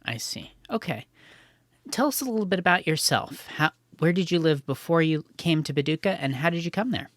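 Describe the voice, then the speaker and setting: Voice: medium pitch, animated, fairly quick, no echo, studio quality. A podcast host asking short, prompting interview questions.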